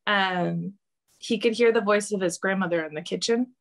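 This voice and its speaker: A woman with a gravelly edge to her voice relays answers as a medium. She talks haltingly, with frequent ums and pauses, now and then breaking into laughter. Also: medium pitch. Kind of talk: channeling interview, relaying quotes.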